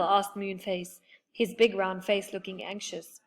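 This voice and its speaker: A woman reading a children's chapter book aloud, gentle and expressive. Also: medium pitch, a little slow, faint music behind. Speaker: narrator. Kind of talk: children's storybook read-aloud.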